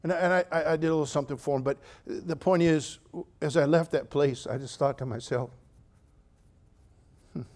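Older male preacher, a bit high-pitched, humorous animated sermon style with loud outbursts. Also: moderate pace, pauses often. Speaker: pastor. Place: church.

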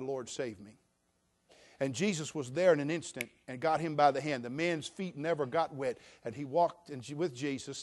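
A middle-aged male pastor preaching a sermon, swinging from loud proclaiming to quiet, slow emphasis. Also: fairly high pitch.

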